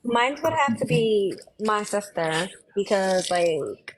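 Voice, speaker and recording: A woman in a casual group podcast chat, speaking in a soft, heartfelt way and using lots of "like". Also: medium pitch, animated, slow pace, a little hiss or hum, low-quality recording. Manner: soft, heartfelt, many fillers of "like". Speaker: podcast guest.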